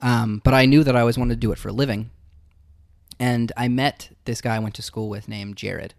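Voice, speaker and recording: A man, a musician guest, telling his life story in a casual interview, reflective and halting with fillers. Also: mid-range voice, fairly even intonation, vocal fry, dry recording, studio quality.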